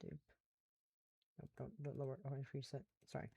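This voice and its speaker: A woman's voice: rumbling low, completely flat delivery, quick pace, creaky, dark tone, slightly rough, no room sound. A woman streamer making casual, self-mocking, profane comments while playing a visual novel.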